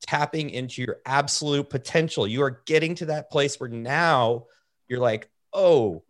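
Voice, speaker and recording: A man's voice: mid-range voice, moderate pace. A man hosting a casual chat, talking reflectively and building out long metaphors. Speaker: host.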